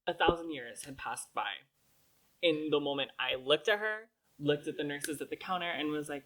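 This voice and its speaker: A young woman co-hosting a podcast retells a story in casual chat, dramatic and rambling, leaning constantly on "literally" and "like." Her voice sits low and a bit bright at a moderate pace, on a rough recording.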